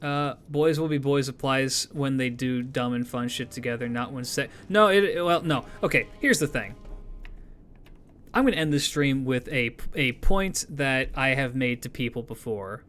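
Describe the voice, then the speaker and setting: A man's voice: mid-range voice, moderate pace, fairly bright tone, faint music behind. A man streamer talking casually and animatedly to his viewers, swearing freely as he rambles through opinions and sign-offs.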